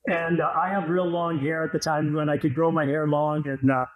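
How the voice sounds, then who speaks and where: A man's voice: a little high, little pitch movement, normal speed, phone-quality sound. A man in his fifties, a podcast guest and former hockey player, telling long rambling stories in casual chat and laughing as he goes.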